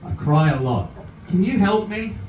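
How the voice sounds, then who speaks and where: A man doing a stand-up set with crowd work, loud and silly, chatting with the audience. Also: high-pitched, lively intonation, normal speed, recorded from a distance, highs cut off, slight background noise. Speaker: stand-up comedian. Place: comedy club stage. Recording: roomy club sound, mic heard from afar, loud crowd. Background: laughing club audience.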